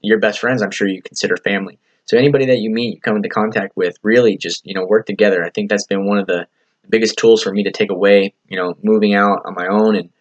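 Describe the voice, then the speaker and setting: Male podcast host, slightly low voice, loose motivational monologue, earnest and rambling, swears casually. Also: steady tone, fast, lo-fi sound. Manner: earnest, rambling, heavy on "you know" fillers and swearing. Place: lives in California.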